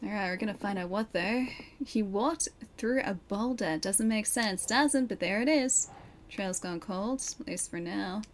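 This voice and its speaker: A woman's voice: medium pitch, unhurried, a little hiss or hum. A young woman streamer chatting casually as she plays a game at her PC, reacting and laughing often. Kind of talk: casual live-stream gaming chat. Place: home room at her PC.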